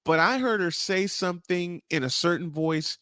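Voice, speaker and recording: A man's voice: high-pitched, normal speed, fairly bright tone, no echo, clean studio sound. A man hosting a casual podcast interview, telling stories with animation, laughing easily and tripping over his words. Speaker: podcast host.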